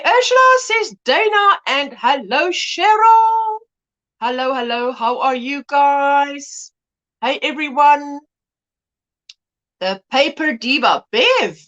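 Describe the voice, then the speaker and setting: On her livestream, a woman greets viewers one after another by name and laughs often, chatting away like a friendly host from her home setup. Her voice sits high and swoops up and down brightly, and the sound is lo-fi.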